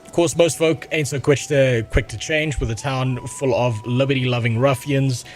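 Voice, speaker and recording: A man reading aloud plays a gruff, folksy sailor. He draws out the words in a put-on drawl at an ordinary middle pitch, and soft music plays faintly in the background. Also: fairly even intonation, normal speed, lightly acted. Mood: storytelling.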